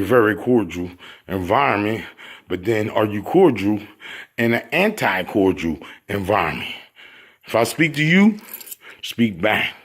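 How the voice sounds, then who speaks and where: A man's voice: on the low side, husky. A man giving a casual, rambling monologue while showing off his new room, boastful and full of joking trash talk.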